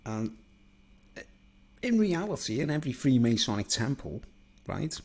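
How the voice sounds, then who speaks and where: A man's voice: medium pitch, sing-song, a little slow, a little mellow, breathy edge. A man delivering a digressive, conspiratorial solo monologue, constantly seeking agreement. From England. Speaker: vlogger.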